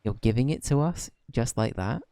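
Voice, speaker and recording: A man's voice: fairly low pitch, normal speed, warm tone, a little hiss or hum, close to an everyday voice. A man reading the lines of an earnest, polite young boy hero.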